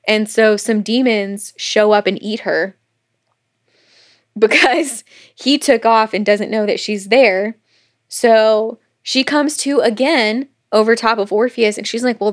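Chatty woman recapping a book. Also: a little high. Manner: retells scenes with quick quoted asides, swearing, laughing. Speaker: podcast co-host. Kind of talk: casual book recap chat.

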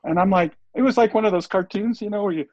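A man in his sixties, an interview guest, telling a rambling, animated story and acting out the lines of the people in it. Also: high voice, quick pace, dry recording. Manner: rambling, animated, acts out quoted dialogue. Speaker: interview guest, surf filmmaker. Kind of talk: casual storytelling. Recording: dull lo-fi audio.

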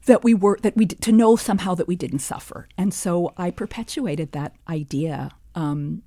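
Woman, sixties, deep low voice, dry close sound, measured, reflective, storytelling. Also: warm tone, dry recording. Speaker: author and historian. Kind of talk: interview conversation, reading from her childhood diary.

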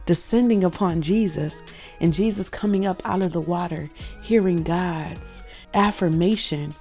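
A woman's voice: fairly low pitch, creaky, warm tone. A woman hosting a show, earnestly telling a personal faith story, reflective and emotional at its peaks.

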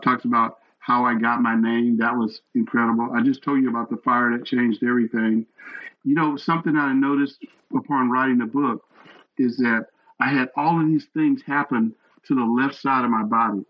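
Older male guest, earnest animated storyteller, mid-pitched voice, slightly dull lo-fi recording. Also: normal speed. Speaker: guest, retired fire captain and chaplain. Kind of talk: storytelling interview.

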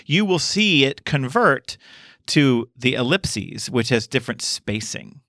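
A man hosting a podcast in casual chat, animated and quick to laugh. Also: mid-range voice, dry recording, studio quality. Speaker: podcast host.

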